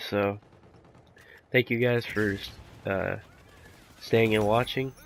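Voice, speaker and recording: A man's voice: fairly low pitch, steady tone, extremely slow, vocal fry, pushed and bright, a little hiss or hum. A man doing casual commentary over his gameplay while sick, rambling laid-back with lots of fillers. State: sick, rough voice. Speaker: gaming commentator.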